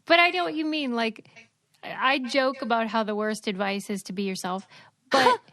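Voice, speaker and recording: Woman, podcast co-host, higher voice, playful and teasing, casual banter. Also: normal speed, fairly bright tone. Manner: playful, laughs often, teasing.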